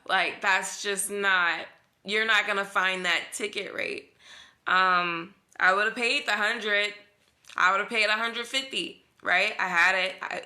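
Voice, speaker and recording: A young woman telling a personal story in a vlog, acting out the dialogue and using lots of fillers. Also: medium pitch. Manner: animated retelling, acts out dialogue, filler-heavy.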